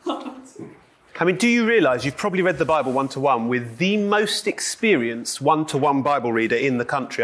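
A man's voice: fairly high pitch, a bit bright. A man teaching a group Bible study in a room without a microphone, joking and self-deprecating, speaking with a cold. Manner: jokey, self-deprecating, chatty. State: has a cold. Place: meeting room with a live audience.

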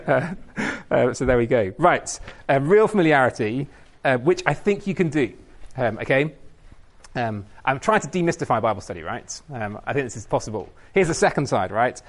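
Chatty man giving a training talk. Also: medium pitch. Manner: chatty, self-mocking, many ums. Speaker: Bible study trainer.

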